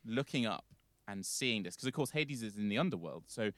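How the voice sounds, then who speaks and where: A man's voice: fairly low pitch, lively intonation, fairly quick, a bit bright, dry recording. A man retelling a myth as a podcast guest, rambling with plenty of fillers. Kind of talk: casual storytelling.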